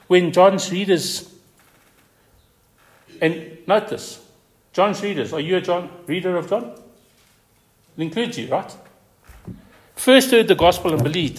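Emphatic man preaching a sermon. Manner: emphatic preaching, repeating key words, pitch swinging high for stress. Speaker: pastor.

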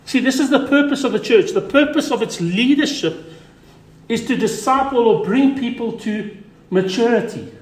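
A male pastor delivers a sermon in a high, ringing voice. He leans hard on repeated key words, then drops suddenly quiet to press a point home. The room around him is echoey. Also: lively intonation, normal speed. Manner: emphatic preaching, drops to quiet for stress.

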